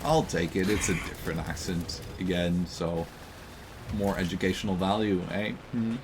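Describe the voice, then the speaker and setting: A man's voice: low voice, fairly even intonation, unhurried, noisy background. Rambling man in casual game chat. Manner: rambling, joking, full of fillers. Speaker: co-host gaming commentator.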